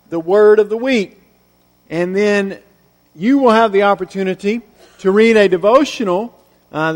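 A man preaching a Sunday sermon to his congregation, earnest and unhurried, with pauses filled by "uh". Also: high-pitched. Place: church sanctuary. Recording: reverberant church sanctuary.

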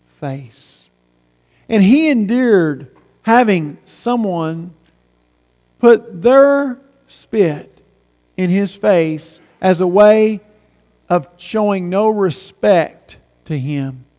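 Slow, high-voiced preacher in a reverberant hall. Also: male voice. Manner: slow and deliberate, dropping soft on key words. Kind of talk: sermon.

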